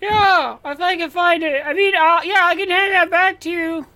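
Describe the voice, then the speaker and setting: A woman voicing a flustered young neighbor, stammering and eager, her voice pushed up high. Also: steady tone, moderate pace, bright, forceful tone. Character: flustered young neighbor who borrowed a mower.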